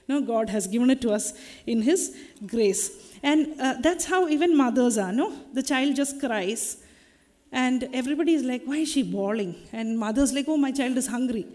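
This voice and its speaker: A woman's voice: fairly high pitch, mellow. Woman preaching in a reverberant hall. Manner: tag questions, conversational preaching. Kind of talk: sermon.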